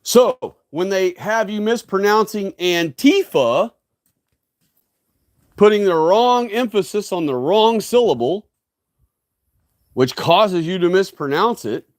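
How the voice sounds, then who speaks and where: A high-pitched man speaking into a dry, close-sounding mic. He hosts a solo stream and lectures in a ranting, emphatic way. He keeps checking in with his listeners with "okay?" and "right?". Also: lively intonation, measured pace, darkish tone, dry recording. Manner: frequent tag questions, "okay?" and "right?". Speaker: livestream host. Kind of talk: solo livestream monologue.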